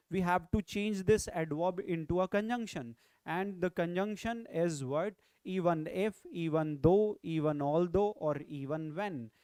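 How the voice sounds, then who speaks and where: A man with an Indian English accent runs an online grammar class, his voice high-pitched and resonant. He repeats each point and keeps nudging viewers to comment. The sound is dry and close to the mic. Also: a little mellow, smooth, no echo. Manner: repetitive, coaxing viewers to comment. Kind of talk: online exam-prep lecture.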